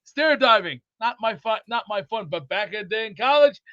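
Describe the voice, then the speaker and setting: A man hosting a rowdy sports call-in show, loud and goofy, often breaking into whooping yells. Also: high voice, animated, normal speed, dry recording, highs cut off. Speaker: sports talk show host.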